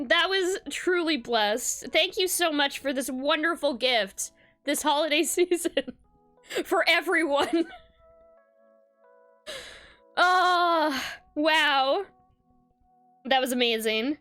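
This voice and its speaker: A woman's voice: high voice, slow, long pauses, pushed and bright, soft background music. A woman streamer reading fan fiction aloud, laughing often and gushing with praise. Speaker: streamer host.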